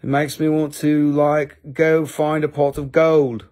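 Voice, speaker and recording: A man's voice: on the high side, level tone, unhurried, a little mellow. A man with an Appalachian accent hosting a live-stream sale, rambling, joking at his own expense and swearing freely. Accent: Appalachian American. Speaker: live-stream crystal seller. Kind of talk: casual live-selling chat.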